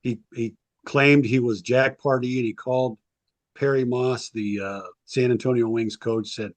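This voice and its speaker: Guest historian, male, casual storyteller, filler-heavy, acts out quotes; average pitch, dead-dry recording. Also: fairly even intonation, a little slow, no echo. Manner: rambling anecdotes with frequent ums, acts out quotes. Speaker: sports historian and author, guest.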